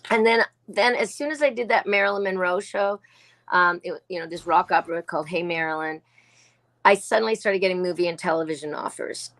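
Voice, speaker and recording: A woman's voice: on the low side, brisk, a bit bright. A woman in her sixties, originally from Australia, talking as a guest actor in a casual interview and telling chatty stories full of quoted asides.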